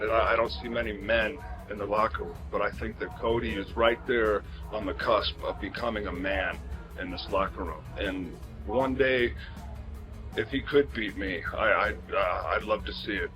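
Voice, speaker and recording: A wrestler answering an interview in a measured, serious way. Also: male voice, lowish voice, fairly even intonation, over music, rough recording.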